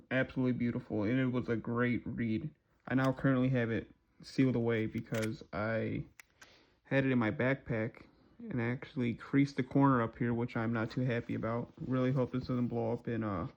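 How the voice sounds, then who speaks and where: A man talks through a new comic for his viewers in an easygoing, chatty way. His pitch sits in the middle of the range, and he drops a casual curse now and then. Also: dull audio. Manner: relaxed, chatty, swears casually. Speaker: comic book reviewer. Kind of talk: casual comic recap vlog.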